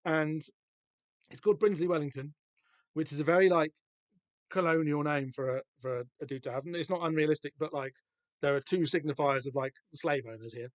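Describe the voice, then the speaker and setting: A man hosting a podcast, talking through a comic book in a rambling, halting way with lots of fillers and restarts. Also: fairly high pitch, fairly even intonation, dry recording. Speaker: podcast host. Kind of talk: casual comic book discussion. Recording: dull, dry lo-fi podcast recording.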